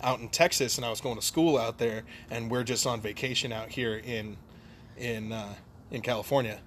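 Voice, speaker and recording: A man's voice: mid-range voice, steady tone, normal speed, a bit bright. Casual chatty man, noisy background. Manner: storytelling, laughs often. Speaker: podcast co-host. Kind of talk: casual chat.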